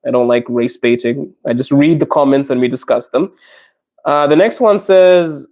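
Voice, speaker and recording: A man's voice: mid-range voice, normal speed, a little mellow. A young adult man hosting a casual livestream podcast, reading viewer comments and chatting with viewers in a friendly, talkative way. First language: not Russian; learning Russian. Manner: friendly, chatty, laughs often, addresses viewers directly. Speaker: podcast host reading live chat comments.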